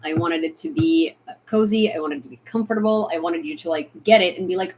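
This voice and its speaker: A woman's voice: mid-range voice, fairly quick. Chatty woman with an American accent. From Ukraine. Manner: chatty, many fillers and restarts, bursts of excitement. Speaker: vlogger answering chat. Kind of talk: casual live stream chat.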